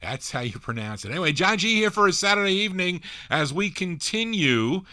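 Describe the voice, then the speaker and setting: A man hosting a vintage record show with a bright, forward voice. He chats easily between songs and answers listener questions. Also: sits high, big pitch swings, brisk. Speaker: radio DJ host. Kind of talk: oldies radio DJ patter.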